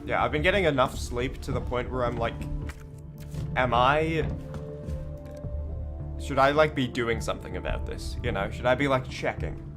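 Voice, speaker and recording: A man with a groggy, just-woke-up voice chats loosely as he plays a game, slipping in jokes and asides. His pitch sits in a middling range, and game music plays steadily beneath him. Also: normal speed, long pauses. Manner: rambling, joking asides. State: groggy morning voice. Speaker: game streamer. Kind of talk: casual gameplay commentary.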